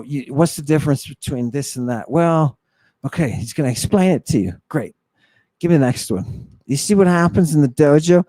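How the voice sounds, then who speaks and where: A man hosting a live lecture for viewers, talking in a theatrical, mocking, preacher-like way and stressing his words slowly. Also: fairly high pitch, a little mellow, dry recording. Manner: slow and emphatic. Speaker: host.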